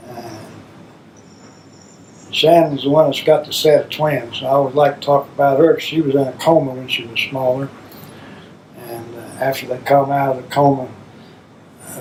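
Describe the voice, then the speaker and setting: A man's voice: mid-range voice, steady tone, normal speed, darkish tone, a little hiss or hum, rough recording. An older man, a father telling rambling, folksy stories about his children. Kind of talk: reminiscing storytelling.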